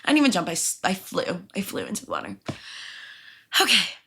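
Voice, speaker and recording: A young adult woman hosts her own podcast, chatting through a personal story. Her voice is bright and forceful, and her pitch jumps all over. She sounds animated and swears freely. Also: a little fast, slight background noise. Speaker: podcast host. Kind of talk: casual storytelling.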